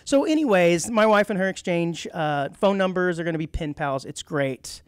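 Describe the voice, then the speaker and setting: A middle-aged man co-hosting a community radio talk show, telling stories in a lively way and laughing easily. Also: sits high, moderate pace, clean tone, no room sound, studio quality. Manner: animated storyteller who laughs easily. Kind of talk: casual chat.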